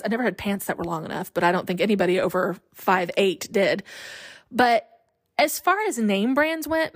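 A woman in her thirties tells stories from her own past on her podcast. She talks in a candid, self-deprecating way and sits close to a dry, dead-sounding mic. Her voice is medium in pitch. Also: no room sound. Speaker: podcast host. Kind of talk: personal storytelling.

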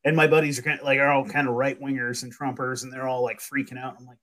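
A man's voice: medium pitch, flat delivery, fast talker, few pauses, fairly bright tone. A man from the United States co-hosting a podcast, swearing freely and laughing as he talks. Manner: profane, laughing. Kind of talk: casual podcast chat.

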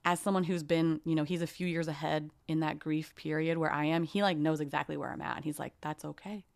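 A woman's voice: sits low, little pitch movement, fast talker, gravelly, no echo. A woman hosting a podcast interview, talking in a heartfelt, casual way with lots of "like" and restarts. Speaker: podcast host.

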